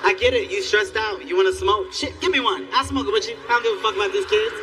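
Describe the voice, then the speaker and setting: A man doing stand-up comedy on a live stage, telling stories in an animated, profane way. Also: high-pitched, fast. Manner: animated, loud storytelling with profanity.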